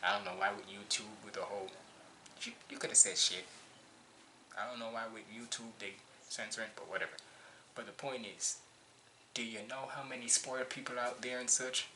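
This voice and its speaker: A man's voice: medium pitch, brisk, creaky, sharp tone. Emphatic man with a noisy cheap mic. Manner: emphatic, preachy, repeats himself. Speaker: host reacting to music. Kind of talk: casual reaction commentary. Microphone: cheap basic mic.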